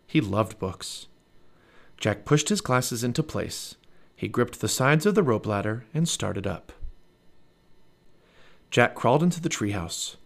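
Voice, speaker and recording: A man in his thirties reading a children's book aloud as a podcast storyteller, expressive and animated. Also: medium pitch, unhurried, creaky, pauses often.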